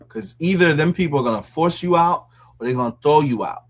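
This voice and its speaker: A commentary show host with a fairly quick, higher-pitched voice reacts to a clip in mocking disbelief. His talk is loose and conversational, and he often breaks into laughter.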